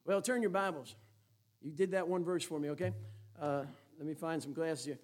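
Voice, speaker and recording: Man, Baptist pastor, sermon, high voice, folksy, joking, emphatic. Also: moderate pace, a little mellow.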